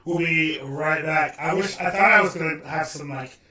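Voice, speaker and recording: A man running a tabletop game who banters gruffly with his players. He sounds distant from the mic in a roomy space. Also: on the high side, moderate pace, pushed and bright. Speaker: game master. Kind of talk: casual chat.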